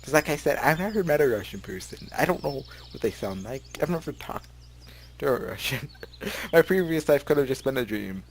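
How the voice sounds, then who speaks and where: Speaking briskly in an expressive, medium-pitched voice, a man reads visual novel text aloud from his bedroom and offers casual let's play commentary. He rambles and giggles, often fumbling his words, with slight background noise on the recording.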